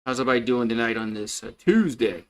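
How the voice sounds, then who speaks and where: A man giving casual live play-by-play for a baseball game, chatty and loose, greeting viewers between pitches. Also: lively intonation, quick pace, rough recording. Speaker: play-by-play commentator.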